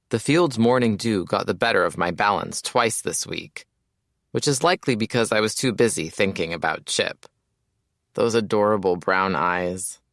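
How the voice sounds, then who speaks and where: Wry male audiobook narrator, low and dry. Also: creaky, a bit bright, no room sound. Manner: casual, wry storytelling. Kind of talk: first-person audiobook narration.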